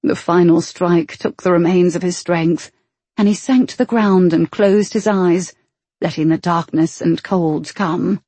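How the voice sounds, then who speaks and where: A woman reads a novel aloud in a measured, expressive narration. Her voice is low, mellow and a little husky. The recording is close and dry. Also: no echo. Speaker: audiobook narrator. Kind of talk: scripted narration.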